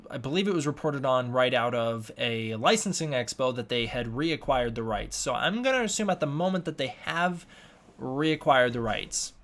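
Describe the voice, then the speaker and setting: Young adult male streamer, casual home chat, reads comments aloud haltingly, mid pitch. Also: fairly bright tone. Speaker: livestream host answering chat questions.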